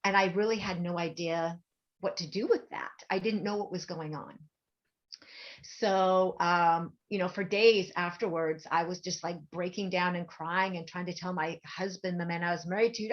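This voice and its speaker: A woman guest telling an emotional personal story in an earnest, halting way, with many fillers. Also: lowish voice, fairly even intonation, lo-fi sound.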